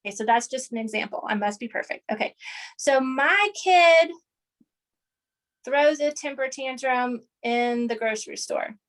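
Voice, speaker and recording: A woman explaining an idea in an interview, animated and teacherly, often checking in with "right?" and "okay". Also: high voice, normal speed.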